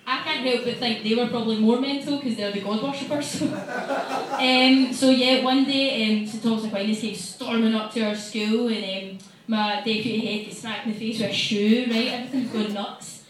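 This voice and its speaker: A woman's voice: fairly high pitch, fairly even intonation, normal speed. A young Glaswegian woman doing a stand-up set on a small bar stage, chatty, brash and sweary. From Scotland. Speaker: stand-up comedian. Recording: echoey live bar from a distance.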